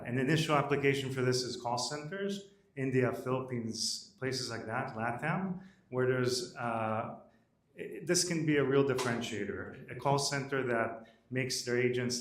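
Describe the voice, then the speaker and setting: A man pitches his startup live at an event, brisk and matter-of-fact. He is picked up from across an echoing room. He leans on "uh" as he moves between points. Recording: roomy audio from a distance.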